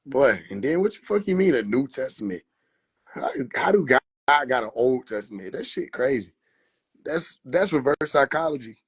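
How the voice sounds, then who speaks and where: A man talking casually on a phone livestream, animated and profane, laughing often and slipping into mock biblical voices. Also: mid-range voice, moderate pace, slightly rough. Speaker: livestream host.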